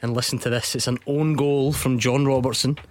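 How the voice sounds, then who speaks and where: A man's voice: mid-range voice, fairly even intonation. A Scottish man hosting a football radio show, trading jokes and reading out scores in a studio. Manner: jokey, quick to laugh. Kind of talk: casual studio chat and score updates. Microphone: studio microphone.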